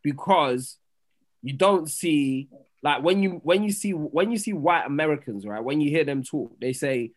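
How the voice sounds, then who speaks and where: A man hosting a podcast, arguing his point in an animated, casual way and often laughing. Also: fairly high pitch, moderate pace. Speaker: podcast host.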